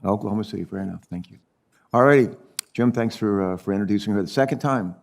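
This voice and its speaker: Man chairing a hearing, low voice. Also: fast, creaky.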